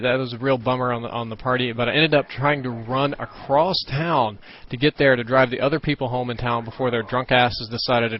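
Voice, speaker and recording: A young man telling a rambling story while commenting on gameplay, swearing often and correcting himself as he goes. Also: mid-range voice. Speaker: gaming commentator. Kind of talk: casual storytelling over gameplay. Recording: dull lo-fi recording.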